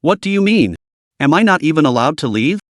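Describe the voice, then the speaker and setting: A man's voice: on the high side, very animated, a little fast, no echo, studio quality. A man voicing a proud young woman who speaks defiantly and indignantly.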